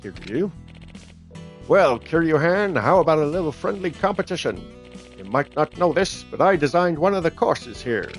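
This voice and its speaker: A man voicing a brash, smooth-talking middle-aged golf hustler who sizes people up, in a loud, folksy salesman manner. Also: a little high, very animated, normal speed, hardly any pauses, faint music behind, voice pushed up.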